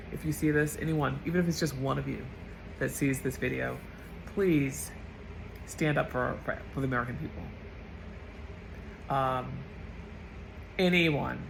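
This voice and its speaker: A woman vlogger getting over a cold speaks in a blunt, profane, emotional rant. Her voice has a gravelly, fry-heavy edge. A faint hiss of noise sits under the recording. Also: low-pitched. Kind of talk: impassioned political rant.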